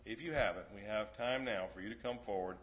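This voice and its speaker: A man's voice: lowish voice, fast, fairly bright tone. A man preaching a sermon in a church, reading scripture aloud and building to earnest, emphatic appeals to the congregation. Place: church sanctuary.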